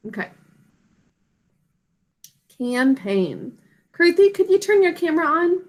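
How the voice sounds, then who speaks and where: A woman's voice: very high-pitched, fast. A woman teacher giving a spelling lesson to children over a video call, patiently sounding out words and syllables.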